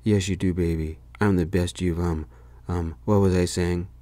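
A man's voice: low voice, fairly even intonation, moderate pace, warm tone, no echo, close to an everyday voice. A man voicing a drunk, pushy ex-boyfriend who belittles his ex, in whispered role-play. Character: drunk, clingy, insulting male ex-boyfriend.

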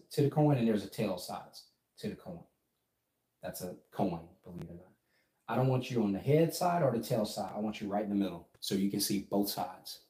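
A middle-aged man teaches business in a casual, emphatic way and keeps checking in with his listeners. His voice sits low and mellow. The sound is roomy and echoey. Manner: emphatic, keeps asking "right?". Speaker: business coach. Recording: echoey room.

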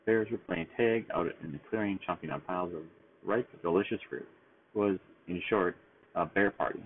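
A man reads a bedtime story aloud in a steady, gentle way. His voice is deep. The sound is thin and phone-like, with a faint hiss behind. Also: fast. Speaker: storybook reader.

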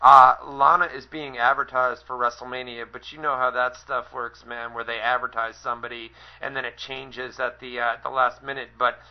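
A man's voice: mid-range voice, moderate pace, hardly any pauses, highs cut off. A man hosting a call-in radio show, talking casually and energetically to callers. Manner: energetic, loud when plugging the line.

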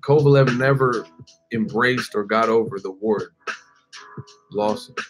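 A man's voice: lowish voice, measured pace, faint music behind. A man in his forties, host of a boxing channel, ranting casually to camera with jokes and laughter. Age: 40s. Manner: joking, acts out quoted voices, laughs often.

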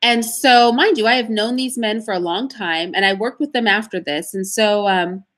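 A woman answering as an interview guest, telling stories in an emphatic, animated way. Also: medium pitch. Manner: emphatic, animated storytelling with pauses.

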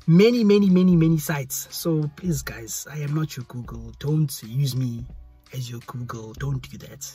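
A man's voice: medium pitch, moderate pace, over music. A young man with a South African accent, chatting casually to his phone's selfie camera in a rambling vlog. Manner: chatty, rambling, repeats pleas. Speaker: YouTuber. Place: hot indoor room.

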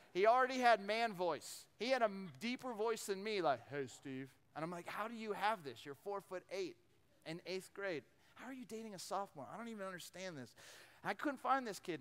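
A man preaching a storytelling sermon, animated, acting out voices and often repeating words as he goes. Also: high-pitched, clean tone. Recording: long hall reverb.

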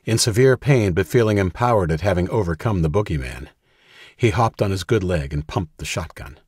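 A deep, husky-voiced male narrator reads a tense thriller audiobook in scripted narration, keeping a steady, measured delivery. The recording is close and dry, with no room sound or echo.

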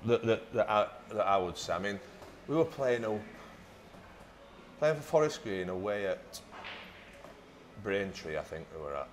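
A man's voice: on the low side, lively intonation, normal speed, long pauses, slight background noise. A middle-aged man, a footballer guest telling blunt, sweary stories in a casual chat. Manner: blunt, sweary, laughs through his stories.

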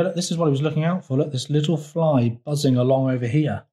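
A man reading his own picture book aloud for a children's storytime, gently pointing out details in the pictures. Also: on the high side, expressive, moderate pace, few pauses.

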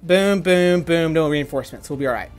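A man giving casual gameplay commentary, excitable and quick to swear, stammering and restarting when worked up. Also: fairly high pitch, soft background music. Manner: excitable, swings from gleeful to furious ranting. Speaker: gaming YouTuber.

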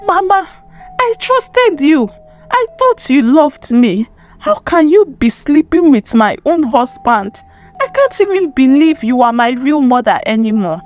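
A woman's voice: high voice, sing-song, a little slow, darkish tone, faint music behind. A woman voicing a betrayed young wife, emotional as she pleads and accuses. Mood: furious.

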